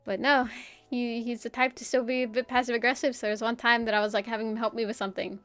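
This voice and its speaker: Animated young woman telling a story. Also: fairly high pitch, quick pace, dry recording. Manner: animated, swears often, laughs between phrases. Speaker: streamer. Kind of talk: casual stream chat, personal storytelling.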